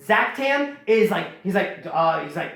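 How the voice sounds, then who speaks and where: A man hosting a casual chat, rambling in an animated way and swearing freely as he retells a story. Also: high-pitched, unhurried, gravelly. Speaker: podcast host. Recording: very echoey room.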